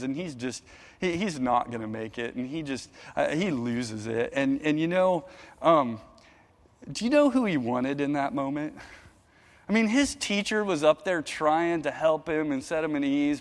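A man in his thirties preaching a sermon as a pastor, earnest, often repeating words as he starts, moving between loud and hushed. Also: fairly high pitch. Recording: long hall reverb.

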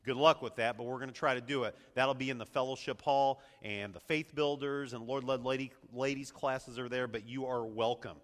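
A middle-aged man preaching a sermon as pastor, energetic and leading the congregation in call-and-response, recorded in a church sanctuary. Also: medium pitch, brisk, few pauses. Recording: echoey hall reverb.

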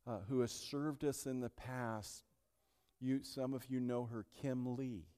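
A male pastor preaching an impassioned sermon, swinging between hushed and loud delivery. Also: mid-range voice, clear, resonant tone. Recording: long hall reverb.

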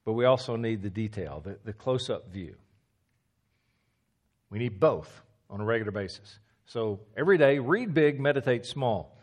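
A man preaching a teaching sermon, emphatic, repeating key phrases and dropping to a low hush for stress, with a few stammers. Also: expressive, normal speed.

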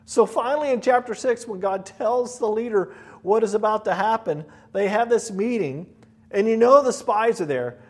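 A man preaching a sermon as pastor, animated and storytelling, acting out voices. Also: high-pitched, normal speed.

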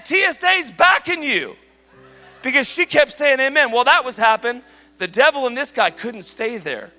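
A man preaching a sermon, telling a story in an animated way and shouting at the high points. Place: church hall. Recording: large hall reverb with faint music.

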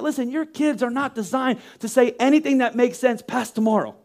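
A man's voice: extremely high pitch, quick pace, few pauses, a little mellow. A man in his thirties preaching a sermon, emphatic and rhetorical, often acting out the voices of the people he quotes. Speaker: pastor.

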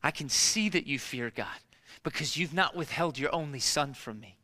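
A man's voice: a little high, moderate pace, pushed and bright, pitched below the performer's own voice. A man voicing the angel of the Lord, calling out urgently to stop.

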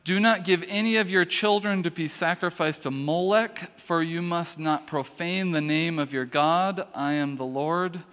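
A man preaching in a church, his fairly high voice smooth and resonant. He drifts between reading scripture and chatty asides, often restarting his sentences. The hall rings with long reverb. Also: unhurried, hardly any pauses, fairly bright tone. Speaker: pastor. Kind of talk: sermon.

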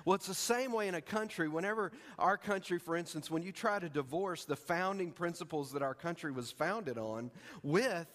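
A male pastor preaches in a folksy way, often turning to the congregation with a question. His voice sits a bit high for a man. A long reverb from the sanctuary follows him. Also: normal speed, fairly bright tone. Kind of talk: sermon. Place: church sanctuary.

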